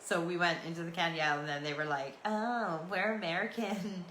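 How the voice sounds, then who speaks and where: A Canadian woman in her forties rambles through a solo podcast in a loose, chatty, storytelling way. Her voice sits a little low but has a bright, forward edge. She is heard in an echoey room. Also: flat delivery, very fast, slight background noise. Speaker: podcast host.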